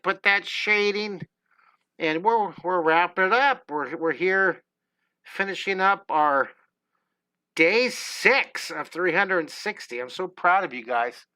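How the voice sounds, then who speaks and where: A chatty, enthusiastic middle-aged man talks through a live drawing lesson from a home studio. His voice sits a touch high and sounds bright and lively. The sound is dry, with no room echo. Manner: upbeat, chatty, enthusiastic with exclamations. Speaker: drawing teacher.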